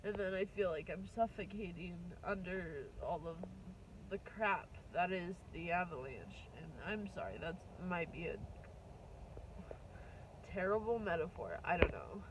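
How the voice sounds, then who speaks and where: A woman in her twenties venting on a vlog, upset and close to tears, rambling and swearing in halting bursts. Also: fairly low pitch, lively intonation, noisy background. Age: 20s. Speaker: vlogger.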